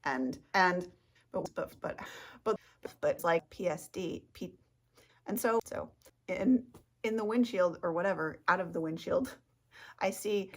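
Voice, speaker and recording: A woman's voice: lowish voice, expressive, unhurried, long pauses. A woman vlogger chatting casually outdoors, rambling, giggling and tripping over her words. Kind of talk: rambling casual vlog talk.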